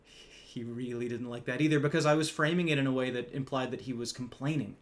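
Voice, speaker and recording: A man's voice: mid-range voice, fairly even intonation, a little fast. A man casually telling a story from his retail job, wry and conversational, a little smug, swearing now and then.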